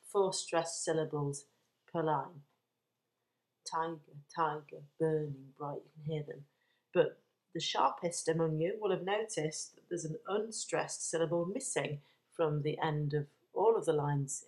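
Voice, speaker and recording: A woman teaching a recorded revision lesson on a poem, explaining slowly and deliberately and stressing words for emphasis. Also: low voice. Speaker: English literature teacher.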